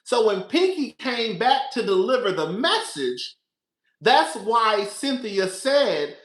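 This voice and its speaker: A man giving casual, animated commentary on a reality show, talking straight to his viewers and calling them girl and baby. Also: sits high, takes it slowly, echoey room.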